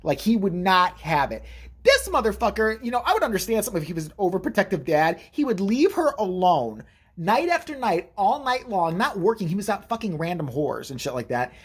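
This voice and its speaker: A man telling a story in a casual vlog, profane and animated, jumping into the voices of the people he quotes. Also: high-pitched, a little fast, slightly rough.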